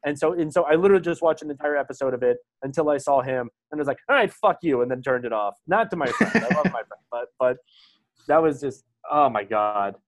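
A man in his thirties co-hosting a podcast in casual chat, animated, swearing a lot and full of fillers. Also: medium pitch, fast talker. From Maryland, USA. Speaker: podcast co-host.

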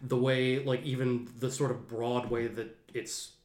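Male podcast host, average pitch, lectures in loose rambling runs; roomy recording. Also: level tone, a little slow, darkish tone. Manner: rambling, lecturing, many restarts. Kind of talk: casual film discussion. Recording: roomy echo.

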